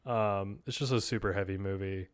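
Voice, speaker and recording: This podcast co-host's voice is smooth and fairly low, with fairly even intonation at normal speed. In a casual, enthusiastic chat, he leans on fillers and keeps restarting his sentences.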